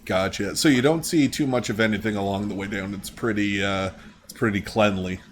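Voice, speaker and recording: A man running a tabletop game as game master, relaxed and rambling, with many fillers. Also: on the low side, brisk, slight background noise.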